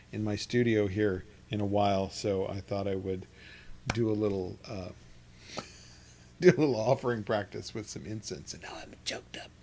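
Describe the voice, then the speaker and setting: A man leading a meditation and chanting class from his home studio, talking in a relaxed, rambling way with soft laughs and restarts. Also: lowish voice, a little hiss or hum. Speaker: meditation teacher. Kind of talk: guided chanting instruction. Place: home studio with an open window.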